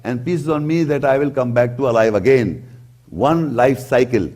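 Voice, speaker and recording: A man preaching, giving a religious lecture that explains scripture deliberately and emphatically, repeating his key points. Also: medium pitch, darkish tone. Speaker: Islamic preacher.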